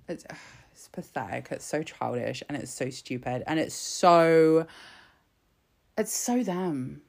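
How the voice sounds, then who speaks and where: A woman's voice: deep voice, slow, creaky. A young woman giving casual political commentary in a sarcastic, exasperated way, with frequent swearing.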